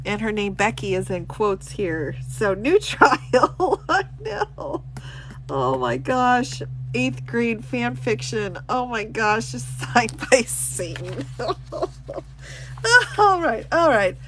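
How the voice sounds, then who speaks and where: Laughing, exclaiming woman attorney, slightly high. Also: expressive, noisy background. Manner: breaks into frequent laughter and exclamations; reads text aloud in a brisk, plain way. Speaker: attorney hosting a live stream. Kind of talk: live-stream commentary, reading a document aloud and reacting to chat.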